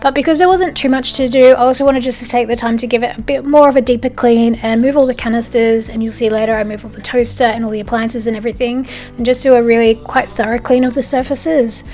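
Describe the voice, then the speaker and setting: An Australian woman talks through her day in a relaxed, chatty voice-over. Her voice sits a little on the high side. She sounds lightly amused and conversational, like she is chatting with a friend. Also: quick pace, hardly any pauses, soft background music. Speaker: home and lifestyle vlogger. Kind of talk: casual voice-over narration.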